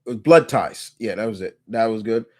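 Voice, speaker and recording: A man's voice: fairly low pitch, brisk, darkish tone. A man hosting a casual live question-and-answer chat, laid-back, laughing often and rambling with restarts. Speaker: host.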